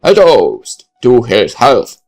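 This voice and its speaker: Man playing a big hearty party guy giving a toast, loud, voice jumping around, gravelly, faint music. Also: medium pitch, wildly swooping pitch, takes it slowly, full character voice. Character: hearty male party leader making a toast.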